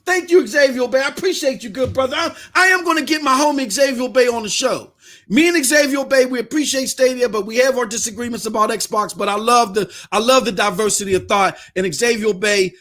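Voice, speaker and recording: A male podcast host delivers a live-streamed rant in a very high, bright voice. He speaks directly to his viewers and keeps getting worked up, often pushing into yelling. His tone is sharp and forceful throughout. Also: brisk.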